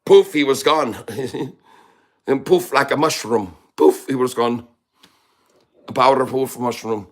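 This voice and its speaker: A man's voice: mid-range voice, slow, long pauses, pitched above the performer's own voice, natural voice. A man voicing a boastful, joking Irish leprechaun in a put-on Irish accent, teasing his live-stream viewers with mock-tough banter. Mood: gleeful.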